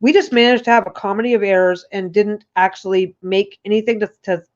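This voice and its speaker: A woman's voice: medium pitch, fairly even intonation, a little fast. A woman hosting a casual livestream chat from her couch at home, rambling and restarting her sentences often. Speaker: host. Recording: dull lo-fi recording.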